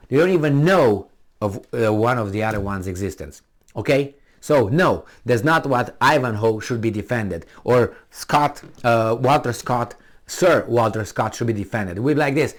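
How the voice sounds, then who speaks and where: A man's voice: medium pitch, animated, moderate pace. Heated, profane man ranting. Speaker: commentator. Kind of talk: opinion rant.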